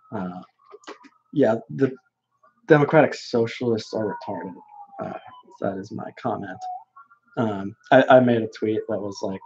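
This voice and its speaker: A young man talking bluntly and mockingly in casual chat as a podcast guest, halting with many restarts, on a dull lo-fi recording. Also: lowish voice, a little mellow, slightly rough. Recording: dull lo-fi sound.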